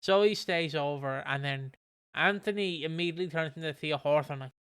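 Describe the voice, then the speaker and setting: A man rambles through a casual podcast chat, full of ums and swearing, his voice fairly high and smooth. He is close on the mic in a dry, dead-sounding space. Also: moderate pace, a bit bright, no echo. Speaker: podcast co-host.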